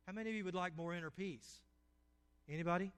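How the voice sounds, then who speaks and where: High-voiced man preaching in a reverberant church. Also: quick pace, a bit bright, clear, resonant tone. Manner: storytelling, asks the congregation questions. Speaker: pastor. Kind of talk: sermon. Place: church sanctuary. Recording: long reverb of a church hall.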